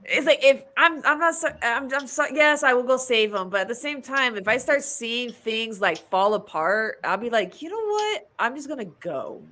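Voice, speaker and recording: A woman hosting a casual podcast chat, animated, laughing often and acting out quoted lines. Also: fairly high pitch, moderate pace, hardly any pauses. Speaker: podcast host.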